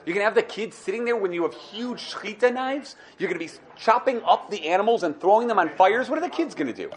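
A young man giving a lively Torah class. He acts out the people he quotes and thinks out loud as he goes. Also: fast. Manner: animated, acts out quoted speakers with rising pitch; thinks aloud, repeats and restarts. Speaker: Torah teacher.

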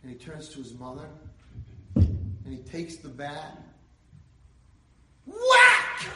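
A man giving an inspirational Torah lecture, telling a story and building to loud, emphatic peaks. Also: mid-range voice, recorded from a distance, heavy background noise. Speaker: rabbi lecturer. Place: lecture hall. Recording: echoey hall, speaker away from mic.

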